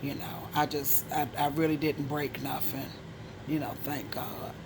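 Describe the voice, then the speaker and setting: A woman from Maryland casually telling a personal story, animated and frank with profanity, often dropping into a hushed whisper. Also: deep voice, measured pace, noisy background. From Maryland, USA.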